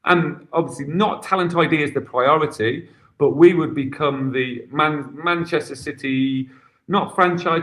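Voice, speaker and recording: A man, a football coach, chats as a podcast guest, now and then tripping over his first words. His voice sits a little higher than most men's. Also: bright, forceful tone. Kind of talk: casual chat.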